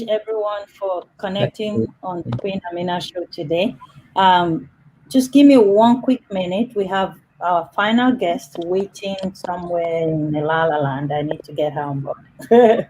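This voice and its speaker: A woman's voice: fairly low pitch, a little slow, mellow, poor audio. Upbeat woman hosting a video call panel. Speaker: host. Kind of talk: live online panel hosting.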